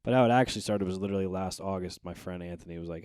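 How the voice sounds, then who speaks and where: A man's voice: deep voice, very fast, smooth, no room sound, studio quality. A young man, a stand-up comedian and guest, telling profane stories in casual chat and acting out the voices in them while hungover. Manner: animated, profane, acts out voices in his stories.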